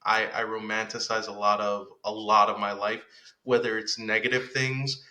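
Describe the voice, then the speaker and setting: Bright-voiced man in an echoey room. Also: fairly low pitch, little pitch movement. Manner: reflective, halting, many fillers. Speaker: podcast co-host. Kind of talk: casual chat.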